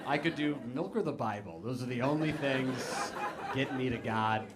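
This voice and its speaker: A young man doing a stand-up comedy set, telling stories deadpan with sudden high-pitched quoted panic. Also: moderate pace, very noisy. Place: comedy club stage with laughing audience.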